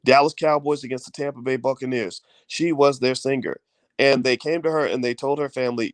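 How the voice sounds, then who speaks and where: A man's voice: mid-range voice, fairly even intonation, a little fast, dry recording. A middle-aged man hosting a casual video talk, fervent and full of fillers and repeated words. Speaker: host.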